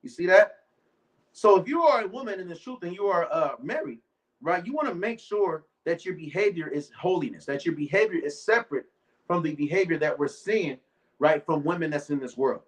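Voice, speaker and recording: A man's voice: on the high side, animated, rough recording. A man preaching an informal sermon, talking loosely and constantly checking in with his listeners. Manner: loose, rhetorical, keeps asking "right?"; reads scripture slowly and deliberately.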